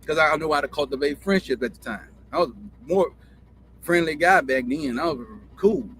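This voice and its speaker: A man's voice: a little high, moderate pace, a bit bright, slight background noise. A man with a Southern country drawl hosting his own show, telling stories in a rambling, profane monologue and repeating himself. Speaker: show host. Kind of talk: casual storytelling monologue.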